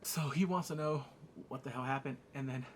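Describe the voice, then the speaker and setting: A man's voice: mid-range voice, brisk, slight background noise. A man giving a casual, profane recap of an episode, laughing and acting out the scenes with sound effects. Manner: excitable, profane, laughs while retelling. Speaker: TV show reviewer.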